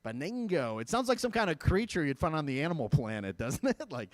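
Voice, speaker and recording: A man's voice: fairly high pitch, big pitch swings, a little fast, no echo. Joking young man from Michigan. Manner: jokey, laughs at his own lines. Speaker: stand-up comedian. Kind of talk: stand-up comedy set.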